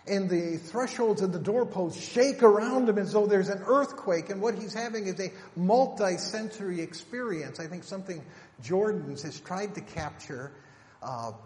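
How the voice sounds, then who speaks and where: Brief: male preacher, emphatic sermon delivery, drawn-out scripture quotes, reverberant sanctuary sound. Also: a little high. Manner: emphatic, rhetorical questions, slows for scripture. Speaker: pastor. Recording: echoey hall, faint room noise.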